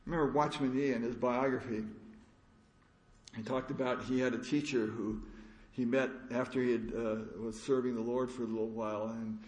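A man giving a conference sermon, telling stories in a halting, earnest way with many restarts. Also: mid-range voice, steady tone, darkish tone. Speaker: preacher. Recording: echoey room.

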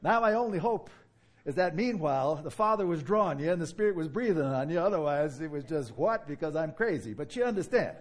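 A man with a New York accent delivers a sermon in a lively, quick way. His voice is husky and sits a little high for a man, and his pitch swings widely as he acts out exchanges. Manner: animated and fast-talking, with laughter and mock dialogue. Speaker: preacher.

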